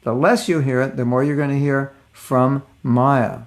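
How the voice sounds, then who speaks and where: An older man teaching a relaxed spiritual class, telling stories and acting out the voices of people in them. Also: medium pitch, measured pace. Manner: conversational storytelling, acts out voices of people in his stories. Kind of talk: casual devotional lecture.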